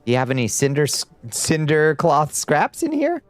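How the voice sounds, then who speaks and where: Smooth-voiced man chatting while gaming. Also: on the high side, wildly swooping pitch, moderate pace, soft background music. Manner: chatty, reads and answers chat aloud. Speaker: streamer. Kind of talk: casual livestream chat while gaming.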